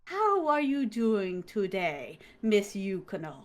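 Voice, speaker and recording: A woman putting on a polite male doctor, calm, slow, soothing, still high-pitched. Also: exaggerated voice.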